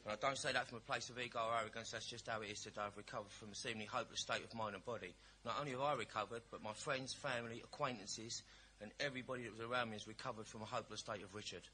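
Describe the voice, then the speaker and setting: A man's voice: lowish voice, fairly even intonation, very fast, sharp tone, slight background noise. A man giving a personal share at a recovery meeting, telling his story in a chatty, blunt, jokey way.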